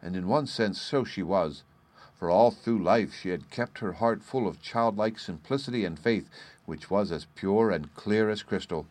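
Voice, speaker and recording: Male reader, lowish voice, dry close sound, measured storybook narration. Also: a little mellow, no echo.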